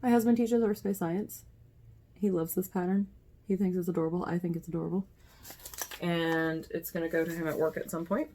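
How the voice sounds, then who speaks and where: A woman with a fairly low, steady, warm voice talks fairly quickly to her phone camera, casually showing off her cross-stitch projects. She chats away and often corrects herself, talking to herself as she handles the items in this show-and-tell.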